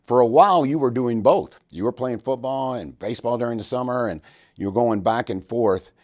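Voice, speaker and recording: A man hosting a podcast, telling stories in an animated, joking way. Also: mid-range voice, brisk. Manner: animated, jokey storyteller. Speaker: podcast host. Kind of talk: storytelling interview.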